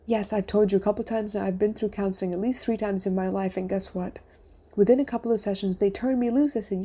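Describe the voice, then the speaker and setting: A middle-aged woman hosts her own podcast as a coach, speaking in an earnest, confessional monologue. Her voice is husky and mellow, and now and then it sinks to a whisper. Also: mid-range voice, fairly even intonation, a little fast. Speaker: life coach and podcast host.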